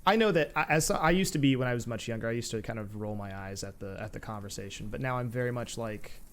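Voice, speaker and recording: A man in the middle of his vocal range hosts a relaxed interview. He sounds supportive and thinks aloud as he talks, in loose, casual sentences. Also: mid-range voice, quick pace, clear, resonant tone. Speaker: host. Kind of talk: casual conversation.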